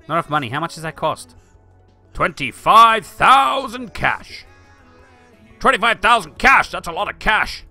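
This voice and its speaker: Casting: chatty male streamer, high-ish voice that jumps around a lot, faint game music underneath. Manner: chatty, reads chat aloud, excitable. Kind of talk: live stream commentary.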